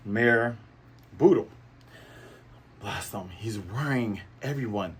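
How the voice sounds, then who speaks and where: A man's voice: mid-range voice, expressive, moderate pace, husky. A man hosting a casual comic chapter review, rambling and playful, speaking to his viewers. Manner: rambling and playful, full of fillers and asides to viewers. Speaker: host of a manga review channel.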